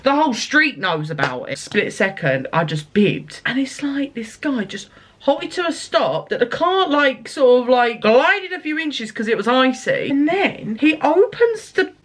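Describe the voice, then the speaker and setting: A woman's voice: high-pitched, very animated, a little slow. Woman doing a storytime vlog, voice jumps all over, chatty and swears a lot. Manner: chatty, rambling, laughs and swears while telling stories. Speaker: vlogger.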